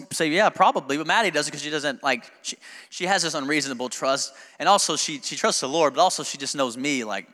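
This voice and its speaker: A man's voice: fairly high pitch, pushed and bright, big-room sound. A male pastor preaching a sermon in a conversational, joking way that builds to emphatic preaching, recorded in a church sanctuary.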